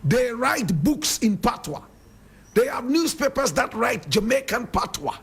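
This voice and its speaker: A man's voice: extremely high pitch, very animated, unhurried, fairly bright tone, husky. A Ghanaian man with a Ghanaian English accent giving a fiery, preachy radio monologue and calling his listeners brother and sister. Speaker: radio show host.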